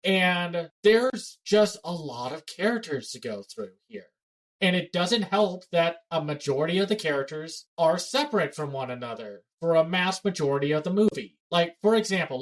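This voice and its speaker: A man's voice: fairly high pitch, lively intonation, poor audio. A man co-hosting a casual pop culture podcast, blunt and given to ranting. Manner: blunt, ranting, fast-talking. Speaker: podcast co-host.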